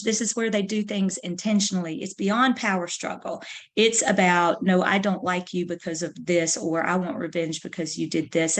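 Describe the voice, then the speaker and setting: Chatty woman lecturer telling anecdotes. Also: mid-range voice. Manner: conversational, anecdotal, with fillers. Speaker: counselor education lecturer. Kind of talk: recorded webinar lecture.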